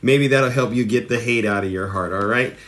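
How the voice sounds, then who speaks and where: A man hosting a satirical live stream, talking in a mock-earnest, animated way that rises excitedly as he retells stories. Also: mid-range voice, brisk, heavy background noise.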